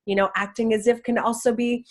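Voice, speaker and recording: A woman's voice: a little high, little pitch movement, fairly quick. A woman teaching law of attraction in a casual, enthusiastic talk, chatty with many restarts.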